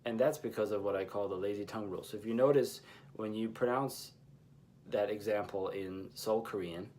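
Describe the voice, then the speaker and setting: A man teaching a language lesson, explaining pronunciation in a measured, patient way with pauses between phrases. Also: on the low side, darkish tone.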